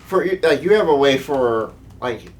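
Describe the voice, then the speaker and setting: A man's voice: mid-range voice, lively intonation, a little slow. A man in a casual gaming chat, laid-back and teasing, joining his friend's banter as a fellow creator.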